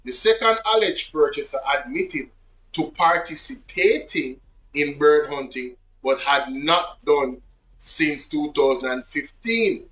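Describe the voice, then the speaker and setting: A Jamaican man with a high-pitched voice reads an official report aloud for his audience. He keeps stopping to exclaim and comment in Patois, animated and indignant. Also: slow pace, low-quality recording. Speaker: political commentary host.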